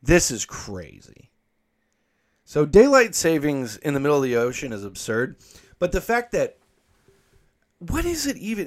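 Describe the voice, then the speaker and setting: A man's voice: on the high side, measured pace, pauses often. Profane, rambling male podcast host. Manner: profane, rambling, animated when quoting himself; reads articles aloud with asides. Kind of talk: casual storytelling monologue.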